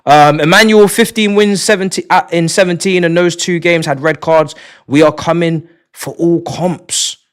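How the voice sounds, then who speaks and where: A man's voice: a little high, steady tone, moderate pace, clear, resonant tone. A man hosting a live stream, chatting casually in slang, often laughing and sighing. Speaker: livestream host. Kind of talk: casual livestream chat. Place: his home.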